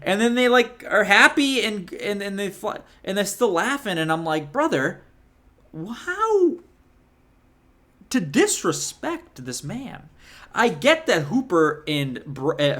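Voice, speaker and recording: A man in his thirties rants through a casual movie review, swearing freely and tripping over his own restarts. His voice sits a little high and sounds bright and forceful. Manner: heated, profane, rambling with many restarts.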